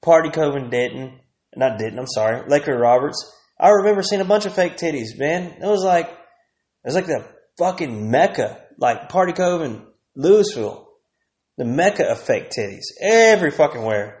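A man's voice: a little high, very animated, normal speed, a little mellow, echoey room. A man, ranting crudely and rambling as a podcast host, laughing often. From Texas. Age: 30s. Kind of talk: profane comedic rant.

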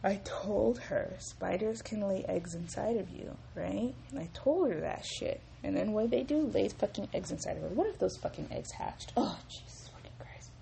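A young woman hosting a casual solo podcast, telling stories in a profane, animated way and acting out what people said. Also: medium pitch, moderate pace, creaky, hardly any pauses, a little hiss or hum. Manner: profane, animated storytelling with quoted voices. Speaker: podcast host.

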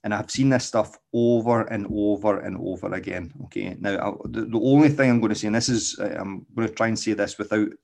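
Male podcast host and dog trainer, low voice, casual, stumbles and restarts, ends points with "okay?". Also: fairly even intonation, brisk, gravelly, hardly any pauses, a little mellow. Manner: tags nearly every point with "okay?". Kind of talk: casual explanatory podcast talk.

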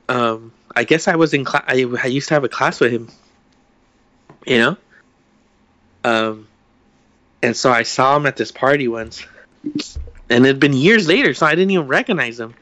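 A man's voice: medium pitch, fairly bright tone, no room sound. A young man co-hosting a podcast, telling a story in a rambling way, swearing freely and acting out the quotes. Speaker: podcast co-host. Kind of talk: casual chat, storytelling.

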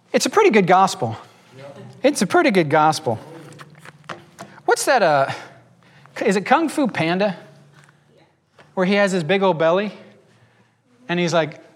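A pastor preaching a sermon from the pulpit. He is a man with a fairly high voice, and he keeps changing his pace. He slips into little acted-out voices for the people he quotes. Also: big pitch swings. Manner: preaching with quick shifts between pace and pitch, acting out voices.

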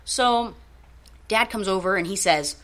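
A female podcast co-host with a medium-pitched voice speaks at a measured pace. Her casual storytelling is rambling, animated, and full of profanity.

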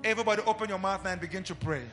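A man's voice: sits high, very fast, pushed and bright, faint music behind. A man leading an earnest, pleading congregational prayer at a live church service. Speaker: prayer leader.

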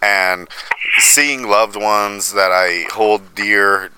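A man's voice: lowish voice, little pitch movement, drawn-out words, sharp tone, clean tone, rough recording. A man chatting casually as a podcast co-host, laid-back and rambling with fillers.

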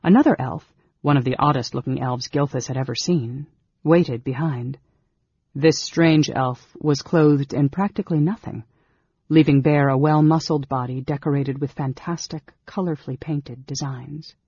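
Man reading a fantasy audiobook, measured and dramatic, raspy, dead dry room. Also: medium pitch, fairly even intonation, a little mellow, no echo, lo-fi sound. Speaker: audiobook reader.

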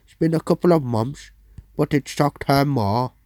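A man putting on the voice of an elated middle-aged man just freed from prison, speaking high and excited. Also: normal speed, dry recording, close to an everyday voice.

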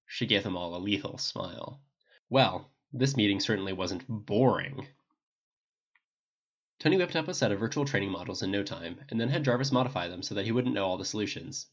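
Lively audiobook narrator, lo-fi sound. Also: sits low, fairly quick, slightly rough. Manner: lively, expressive reading. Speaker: audiobook reader. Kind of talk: audiobook narration of fan fiction.

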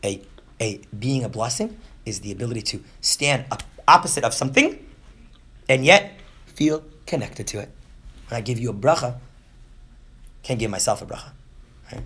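Husky, animated man in his thirties lecturing. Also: mid-range voice. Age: 30s. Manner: animated, often asks "right?", acts out quick voices. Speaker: teacher of Jewish texts. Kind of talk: lively lecture to a class.

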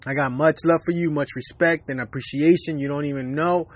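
High-voiced man ranting on his podcast. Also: fairly even intonation, a little fast, no echo. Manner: loose, profane, laughing often. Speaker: podcast host. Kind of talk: casual ranting monologue. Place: Miami.

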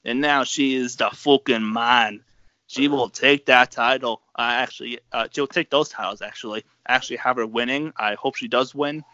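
A man's voice: mid-range voice, normal speed, sharp tone, dry recording, lo-fi sound. A man co-hosting a wrestling podcast in casual chat, profane and rambling. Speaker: podcast co-host.

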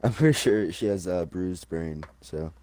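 A young man with a very deep, dark voice makes offhand jokes in a casual podcast chat. The sound is dry and close, with no room around it. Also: normal speed, dry recording. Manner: joking, offhand.

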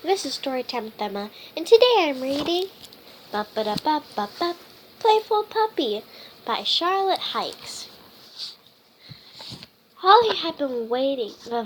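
A woman reading a children's picture book aloud as a storytime host, halting often with fillers and restarts. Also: sits high, slight background noise, low-quality recording. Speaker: storytime reader.

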